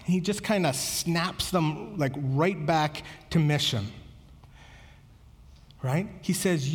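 High-voiced preacher in a reverberant hall. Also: male voice, takes it slowly, pauses often, slightly rough. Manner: earnest, conversational preaching with repeated words. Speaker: pastor. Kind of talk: sermon.

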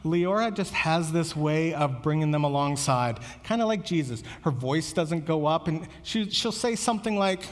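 A man's voice: fairly high pitch, expressive, normal speed, hardly any pauses, big-room sound. A man preaching a sermon as pastor, earnest and conversational, often repeating words as he goes.

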